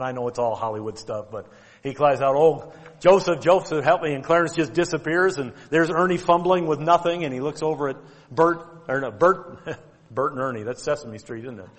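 A man's voice: medium pitch, fairly quick. Preaching man in a reverberant hall. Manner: earnest preaching, numbered points, quoting scripture in old wording. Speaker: pastor. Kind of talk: sermon. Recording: long reverb of a large hall.

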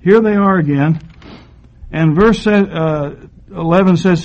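Older preacher, high voice, muffled recording. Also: male voice, a little mellow. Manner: slow, deliberate Bible reading with emphatic pauses. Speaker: pastor. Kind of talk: sermon. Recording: dull lo-fi sermon recording.

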